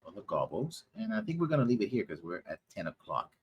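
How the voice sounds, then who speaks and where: A man narrating a tabletop game as its game master. His voice is husky and lively, rising and falling freely. He talks loosely, thinking aloud between rolls. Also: fairly low pitch, fast, dull audio. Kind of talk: running a tabletop game over voice chat.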